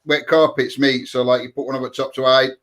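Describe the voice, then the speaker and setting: Guy co-hosting a livestream chat, dry teasing comments, average pitch. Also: little pitch movement, a little fast, a crowd in the background. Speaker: livestream co-host. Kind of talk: casual chat.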